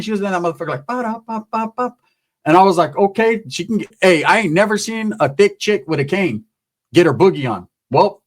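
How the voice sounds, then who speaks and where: A man's voice: high-pitched, fairly bright tone. A man hosting his channel and telling a wild personal story in casual slang. He laughs often and acts out the people in it.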